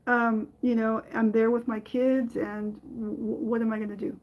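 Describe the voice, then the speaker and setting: A middle-aged woman hosting a podcast, telling a personal story in a halting way with many fillers and restarts. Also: fairly high pitch, little pitch movement, a little mellow, rough recording. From from another country. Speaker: podcast host.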